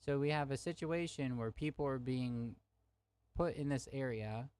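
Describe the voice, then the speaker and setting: A man's voice: mid-range voice, moderate pace, a little mellow, smooth. Angry swearing young man streaming. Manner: angry, profane, talks to chat. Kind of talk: heated live-stream debate.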